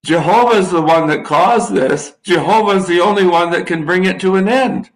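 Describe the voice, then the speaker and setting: A man's voice: high voice, normal speed, low-quality recording. An older man preaching a sermon, reading scripture and breaking off into folksy, wry asides to his listeners. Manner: folksy, drawling Bible teaching with asides.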